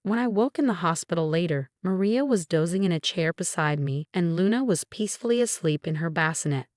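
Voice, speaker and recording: A woman with a lower voice telling a dramatic first-person story with emotional emphasis. The sound is close and dry, like a studio voice-over. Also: lively intonation, brisk, a little mellow, dry recording. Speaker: story narrator.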